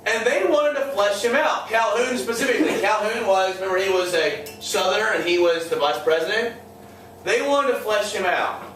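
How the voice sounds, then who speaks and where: A man's voice: sits high, moderate pace, fairly bright tone, slight background noise. A male history teacher lecturing a class, joking and sarcastic, often quizzing his students. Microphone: far room mic. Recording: echoey classroom from far off.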